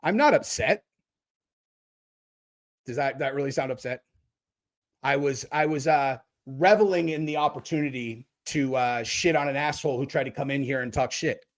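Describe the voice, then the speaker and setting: A man's voice: mid-range voice, moderate pace, long pauses. A man hosting a livestream, ranting and mocking chat commenters with a lot of swearing. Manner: profane, mocking, talks back to chat. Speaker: livestream host. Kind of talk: casual livestream rant.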